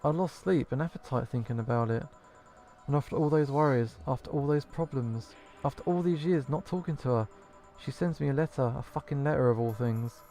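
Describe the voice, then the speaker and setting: A man reading as an anxious, bitter bartender woman from a video game, halting and hesitant. The voice is dark and gravelly, with faint game music underneath. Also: mid-range voice, lightly acted. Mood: angry. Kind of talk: reading game dialogue aloud.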